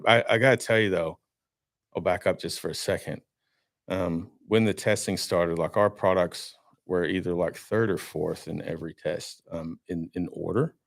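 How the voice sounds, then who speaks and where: A man telling a story as a podcast guest in a studio, animated and talkative, acting out his own reactions. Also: low-pitched, normal speed, vocal fry, no room sound. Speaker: guest, marine winch maker. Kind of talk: casual studio podcast chat.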